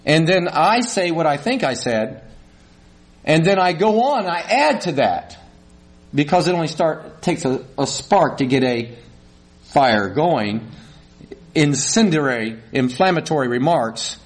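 A man's voice: on the high side, animated, a little slow. A middle-aged male pastor gives a conversational sermon, asks the congregation questions and acts out small quarrels.

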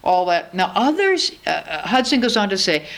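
A woman's voice: mid-range voice, very animated, moderate pace, fairly bright tone. A woman in her sixties preaching a sermon in a church, earnest and personal, acting out her own talks with God. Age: 60s.

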